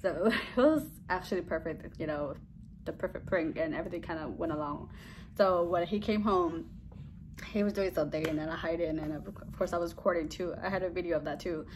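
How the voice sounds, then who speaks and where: A woman's voice: on the low side, fairly quick, noisy background. A young woman vlogging a casual story, rambling and giggly, often trailing off with "blah, blah, blah.".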